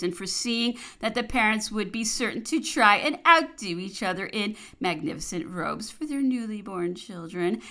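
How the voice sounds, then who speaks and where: Bright-voiced woman reading a memoir. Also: mid-range voice. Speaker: audiobook reader. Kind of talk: audiobook narration of a memoir.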